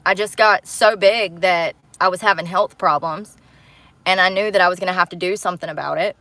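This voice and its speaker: A woman's voice: lowish voice, fairly even intonation, brisk, a bit bright, no echo. A woman hosting a livestream, talking bluntly and angrily to her viewers, with plenty of cursing. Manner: blunt, heated and profane, talks straight to viewers. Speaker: livestream host. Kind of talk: angry livestream rant.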